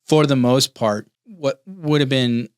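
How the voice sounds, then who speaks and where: A man from Montana weighs in on a podcast panel, circling back and restarting his sentences as he thinks aloud. His voice sits at a middling pitch and sounds dry and close, with no room echo. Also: expressive, clear, resonant tone. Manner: halting, many restarts. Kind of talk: casual panel discussion.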